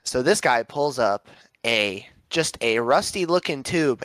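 A man's voice: mid-range voice, expressive, measured pace, fairly bright tone, dry recording. A young man co-hosting a casual podcast, telling stories with a jokey, mocking edge. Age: young adult. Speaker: podcast co-host.

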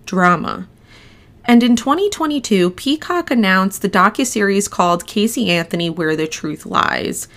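A woman's voice: mid-range voice, creaky, a bit bright. A young woman hosting a casual true-crime podcast, chatty and full of "like" and "you know". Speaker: podcast host.

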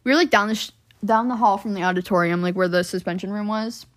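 A woman's voice: medium pitch, quick pace, fairly bright tone. A young woman on a podcast, telling a story casually, full of "like" and swearing. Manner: rambling storytelling with lots of "like" and swearing. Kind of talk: casual chat.

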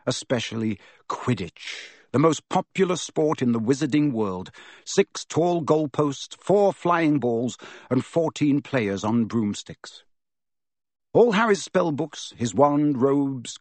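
A man giving an expressive, measured audiobook narration, close to the mic. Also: medium pitch, dry recording. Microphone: close studio mic.

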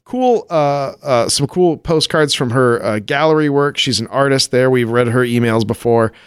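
A man's voice: medium pitch, normal speed, smooth, no echo, clean studio sound. A man co-hosting a casual podcast, reading listener mail with frequent laughter. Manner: upbeat, laughs often. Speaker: podcast co-host.

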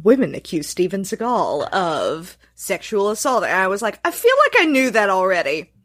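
A woman's voice: mid-range voice, big pitch swings, moderate pace, a bit bright. A young woman co-hosting a podcast, chatting casually and trading dry, wry quips. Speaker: podcast co-host. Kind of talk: casual chat.

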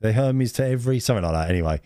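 A man's voice: medium pitch, lively intonation, very fast, warm tone, clear, resonant tone, no echo, studio quality. A man co-hosting a casual podcast chat, telling rambling stories and laughing often. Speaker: podcast co-host.

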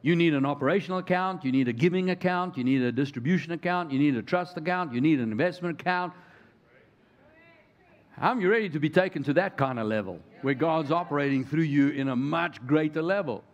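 A middle-aged man preaches from the pulpit, reading scripture aloud and calling on the congregation to answer. His voice sits a little high for a man and climbs when he presses a point. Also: fairly quick, muffled recording. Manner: preaching with rising emphasis, calls to the congregation. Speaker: pastor. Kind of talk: sermon.

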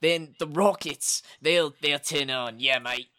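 A man puts on a swaggering young car-lot assistant with a hammy fake Australian accent, tossing in "mate" at every turn. His voice sits a touch high and bright, loose and laid-back in an improvised comedy skit. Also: slow. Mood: boastful. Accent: put-on Australian. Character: brash male car-dealer assistant, fake Aussie.

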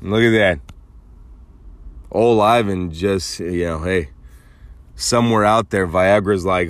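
This podcast host has a low-pitched voice and takes things slowly, pausing often as he rambles through a crude, animated, joking monologue. There's no room sound in the recording.

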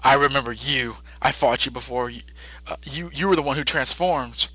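A man doing a low menacing monster. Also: moderate pace, pushed and bright, no room sound, rough recording. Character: menacing male pink monster.

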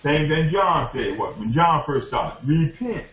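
A man's voice: fairly high pitch, lively intonation, a little slow. A man preaching a sermon as a bishop, impassioned and repetitive, often calling out to the congregation. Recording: echoey dull lo-fi room recording.

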